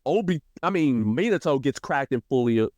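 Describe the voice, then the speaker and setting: A man in casual podcast chat, walking through an anime story with lots of energy and slipping into character quotes. His voice sits at an ordinary pitch, recorded dry and close with no room sound. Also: fairly quick, no room sound. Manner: animated, acts out character quotes with shifting pitch. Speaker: podcast co-host.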